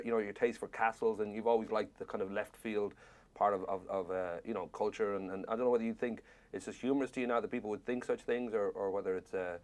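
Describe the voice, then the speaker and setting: A man's voice: lowish voice, darkish tone. An Irish man interviewing an actor, asking long rambling questions with jokes. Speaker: film interviewer.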